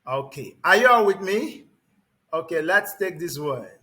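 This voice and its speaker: A man teaching English pronunciation to a class, repeating words slowly and emphatically and calling on students by name. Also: a little high, sing-song, pushed and bright. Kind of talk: classroom lesson.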